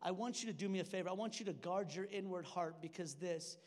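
A man's voice: high-pitched, fast, darkish tone. A young man preaching a sermon in church, conversational and joking, with frequent restarts. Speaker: pastor. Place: church sanctuary. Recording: long hall reverb.

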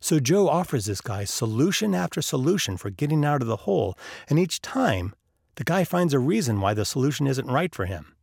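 Guy podcast host, gravelly voice, lively up and down, dry close mic. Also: mid-range voice, brisk, dry recording. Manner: acts out characters' lines in the story. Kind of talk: podcast storytelling.

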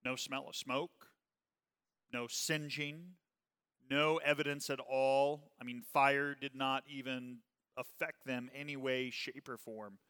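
A man leading a Bible study class, talking casually with his group and often asking "okay?", and reading scripture slowly and with emphasis. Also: medium pitch, fairly even intonation, sharp tone, smooth, in a large hall. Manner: conversational, checks in with "okay?" often.

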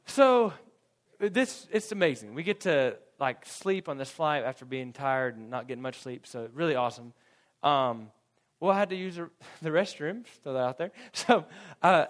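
A young man preaching a sermon, telling a funny personal story with frequent laughter and acted-out quotes. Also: fairly high pitch. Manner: animated storytelling, laughs often, acts out quotes.

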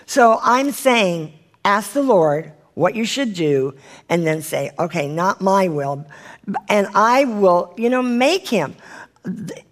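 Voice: medium pitch, sing-song, takes it slowly. A Bible study leader reading scripture aloud and preaching, earnestly asking the listeners direct questions and now and then stumbling and correcting the reading.

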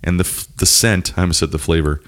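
A man's voice: quick pace, a little hiss or hum. A man in his thirties hosting a casual comedic podcast chat, telling crude stories about his wife and mimicking her. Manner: animated storytelling, mimicking his wife in a high voice. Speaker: podcast host.

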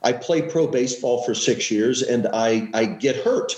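A TV weatherman in his fifties, appearing as a guest in a casual interview, recounts his career with self-mockery, imitating the people he quotes. His medium-pitched voice is measured and slightly dark, in an echoey room.

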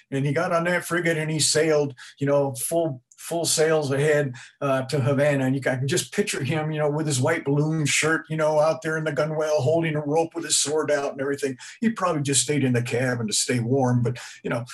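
Middle-aged man, mid-range pitch, rambling conversational history talk to a live audience. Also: husky. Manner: rambling, conversational, many restarts and asides. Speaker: museum speaker giving a talk. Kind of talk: informal history lecture to an audience.

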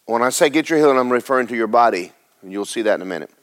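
Racing and animated, this mid-range male voice belongs to a preacher giving a conversational sermon. He reads from scripture and explains it, leaning on repetition and rhetorical questions.

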